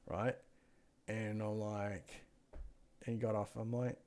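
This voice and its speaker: Gravelly man chatting casually. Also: fairly low pitch, steady tone, moderate pace. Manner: chatty, loose, trails off mid-sentence, mutters while browsing. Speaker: co-host of a PC deals show. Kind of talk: casual rambling chat with anecdotes. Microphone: gaming headset mic.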